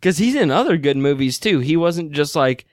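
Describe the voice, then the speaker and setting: A man's voice: a little high, expressive, moderate pace, no room sound, studio quality. A young man co-hosting a podcast in casual chat, laughing often and swearing freely. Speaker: podcast co-host.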